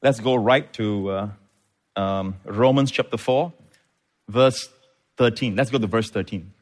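A man's voice: lowish voice, unhurried. A middle-aged pastor preaches with emphasis. He repeats words as he builds a point and calls on his congregation for amens. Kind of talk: sermon.

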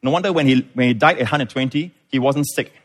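A man's voice: mid-range voice, quick pace. A middle-aged pastor preaches with emphasis. He repeats words as he builds a point and calls on his congregation for amens. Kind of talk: sermon.

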